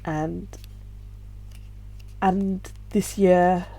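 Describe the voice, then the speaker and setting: A tearful middle-aged woman talks to her camera in a personal vlog. Her voice is soft and reflective, with sighs and small laughs between thoughts. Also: fairly low pitch, level tone, extremely slow, gravelly. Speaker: vlogger and self-published author.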